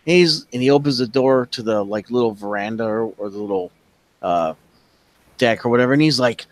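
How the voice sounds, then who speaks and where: A man's voice: mid-range voice, brisk, no room sound, poor audio. A man running a tabletop game, narrating casually with lots of swearing and laughter. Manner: casual, profane, laughs often. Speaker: game master.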